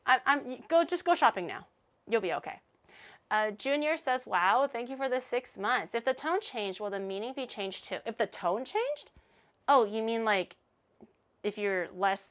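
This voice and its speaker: A woman streamer in casual livestream chat, playful and giggly, laughing often and rambling with plenty of fillers. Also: medium pitch. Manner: chatty, rambling with many fillers.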